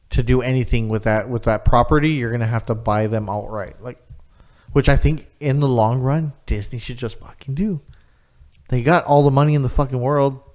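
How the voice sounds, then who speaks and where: A podcast co-host talking in a loose, casual way. His voice is smooth and clear at an ordinary pitch. He rants with lots of swearing and tells animated stories. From Rio Grande Valley, Texas. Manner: profane, animated storyteller. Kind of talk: casual chat.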